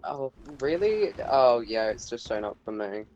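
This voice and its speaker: A man's voice: medium pitch, sing-song, unhurried, dull audio, a crowd in the background. A man chatting casually over voice chat while playing a video game, laughing often. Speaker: channel host and gamer. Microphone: desktop mic on voice chat.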